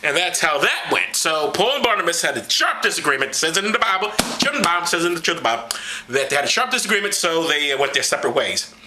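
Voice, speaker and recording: A man's voice: on the high side, very animated, fast talker, bright, forceful tone, a little hiss or hum. Profane man stumbling through a reading. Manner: stumbling, profane, mocking asides. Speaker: comedic Bible reader. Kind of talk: irreverent comedic reading to camera. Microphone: camera.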